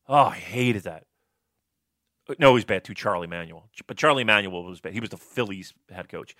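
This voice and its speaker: Man, radio sports reporter turned pundit; profane, blunt, animated; bright, tense timbre. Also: fairly low pitch, normal speed, no room sound, studio quality. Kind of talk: casual podcast storytelling and opinion.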